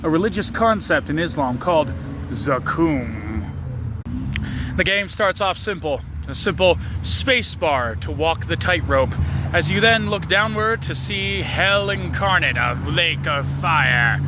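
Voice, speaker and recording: A man's voice: high-pitched, noisy background. A man giving a casual comedic monologue, describing an idea with wry, mock-grand storytelling. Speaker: video creator.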